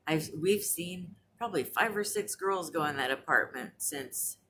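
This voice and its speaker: A woman around forty talks casually at home for her vlog in a low, deep voice. She rambles along with plenty of fillers and restarts. A faint hiss sits under the recording. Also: lively intonation, a little slow, bright, forceful tone. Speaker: vlogger. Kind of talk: casual chat. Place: apartment.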